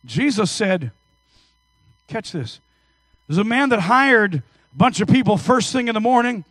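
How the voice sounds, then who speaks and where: Male preacher in his fifties, high voice, dry close sound, energetic storytelling sermon. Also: a little slow, long pauses, dry recording. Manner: energetic storytelling preacher, swings from hushed to loud. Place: church service.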